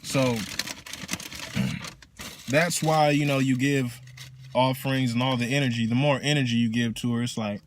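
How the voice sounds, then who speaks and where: A man who works as a teacher casually explains spiritual practice in slangy, profane, animated talk. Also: medium pitch, measured pace, long pauses, a little hiss or hum.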